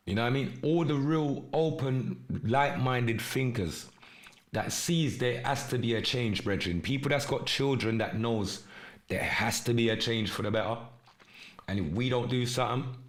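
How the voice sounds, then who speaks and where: A man hosting a live stream podcast, delivering an urgent, preachy monologue in street slang and shouting out viewers in the chat. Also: medium pitch, normal speed. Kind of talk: impassioned livestream monologue with chat shout-outs.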